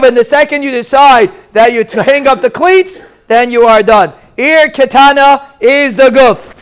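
A man giving a lively Torah lesson, telling stories and jumping up in pitch for emphasis. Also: measured pace, few pauses, clean tone. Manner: animated, storytelling, pitch jumps up for emphasis. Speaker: Torah teacher giving a daf shiur. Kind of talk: lively Torah lecture with Yiddish and Hebrew terms.

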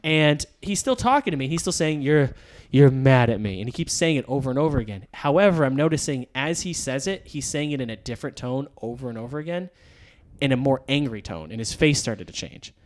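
A man's voice: medium pitch, expressive, brisk. Casual male podcast guest with a New England accent, rambling anecdote, voices the people in it. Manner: rambling, restarts often, acts out dialogue. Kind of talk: casual storytelling.

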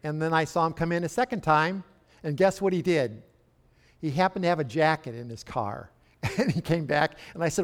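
An older male pastor preaches in a church with a relaxed, folksy manner. His voice sits a bit higher than most men's. He often turns to the congregation with chatty asides. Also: moderate pace. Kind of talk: sermon.

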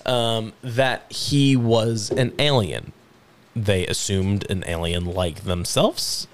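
A man acting as game master, narrating a tabletop game in casual chat with fillers and laughs. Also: medium pitch. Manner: animated, laughing, filler-heavy.

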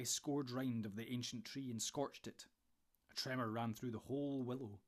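Man narrating a storybook. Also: mid-range voice. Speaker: audiobook narrator.

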